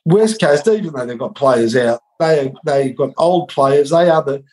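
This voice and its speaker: A man's voice: a little high, measured pace, a little mellow. A middle-aged Australian man co-hosting a casual comedic sports chat, telling rambling wry stories. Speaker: co-host.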